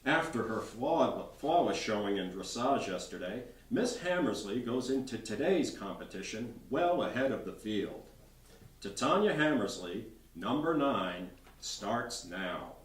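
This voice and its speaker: Pria memerankan penyiar lomba berkuda yang resmi. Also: male voice, on the low side, big pitch swings, a little slow. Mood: announcing. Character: male event announcer, formal. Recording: roomy bookstore from far off.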